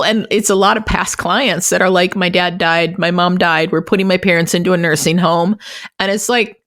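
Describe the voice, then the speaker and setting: A woman's voice: medium pitch, fairly bright tone, no echo, studio quality. A woman co-hosting a podcast in casual chat, emotional and tearful, swearing freely, recorded over a remote call. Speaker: podcast co-host and realtor.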